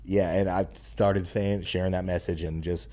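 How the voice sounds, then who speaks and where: A man's voice: low-pitched, flat delivery, moderate pace, warm tone. A young adult man speaking as a podcast guest in casual conversation, earnest and emphatic with a slangy way of talking. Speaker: podcast guest, stay-at-home dad and content creator.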